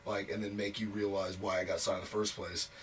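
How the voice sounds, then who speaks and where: A wrestler, guesting on an interview, tells a long career story frankly and profanely, stuffing his speech with "like." His lowish voice is level and fairly quick. He's recorded from a distance, a bit off mic, with faint noise.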